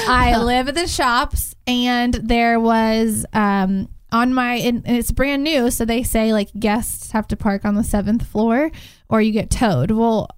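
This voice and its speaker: A woman with a high voice tells a story in an animated, laughing way. She co-hosts a casual chat. Her voice is recorded dry and close, with no room sound. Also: smooth, no room sound. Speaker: co-host.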